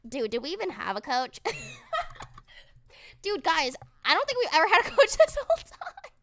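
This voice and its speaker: High, bright, animated young woman. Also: normal speed, a little hiss or hum. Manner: animated storytelling, laughing, swearing, mock outrage. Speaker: streamer. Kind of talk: casual stream recap chat.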